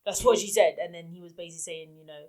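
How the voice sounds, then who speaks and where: A woman's voice: lowish voice, fast, a little mellow. A woman co-hosting a casual podcast recap, plainspoken and mostly agreeing. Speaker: podcast co-host.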